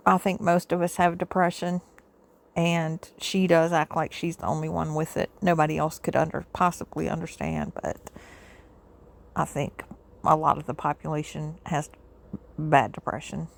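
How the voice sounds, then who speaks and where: A reviewer with a gravelly, creaky voice delivers sarcastic commentary. The tone stays blunt and exasperated, broken by tired sighs. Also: medium pitch, flat delivery, measured pace, pauses often.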